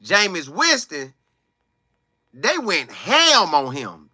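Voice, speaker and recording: Lively high-voiced man ranting. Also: moderate pace, no echo, studio quality. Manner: animated, emphatic, slangy storytelling. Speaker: sports commentator. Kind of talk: casual commentary vlog.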